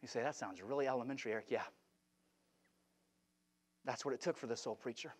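A middle-aged man preaching an impassioned revival sermon in a church, swinging from shouts down to hushed, repeated phrases. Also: medium pitch, brisk. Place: church sanctuary.

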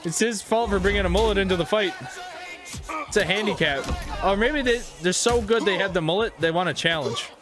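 A man giving joking let's play commentary with excitable whoops and quick reactions, over game music. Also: high-pitched. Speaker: gaming YouTuber.

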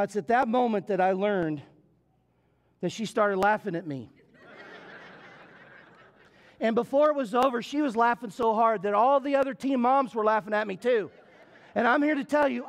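In a church sanctuary, a middle-aged male pastor with a high-pitched voice preaches a sermon, telling a story in a folksy, playful way that builds into repetitive preaching.

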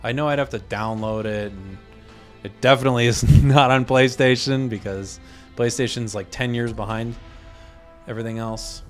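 A young man talks through his game in a loose, chatty way, breaking off mid-thought and muttering to himself. His voice sits at an ordinary middle pitch. Faint music plays underneath. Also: moderate pace. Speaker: game commentator. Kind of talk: casual gameplay commentary.

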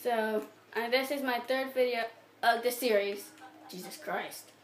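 A woman's voice: a little high, unhurried. A woman giggling through hiccups as she rambles over casual gameplay commentary to her viewers. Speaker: gameplay channel host. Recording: echoey room, faint background noise.

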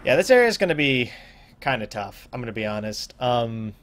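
A man's voice: mid-range voice, very animated, a little fast, a bit bright. A young man casually commenting on his own gameplay, rambling, joking at himself and trailing off into mumbles. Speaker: let's play host.

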